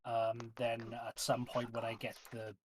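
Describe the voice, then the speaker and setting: A man playing a tabletop game, speaking in a steady, matter-of-fact way. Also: medium pitch, measured pace, slight background noise. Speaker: player. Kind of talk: casual tabletop play.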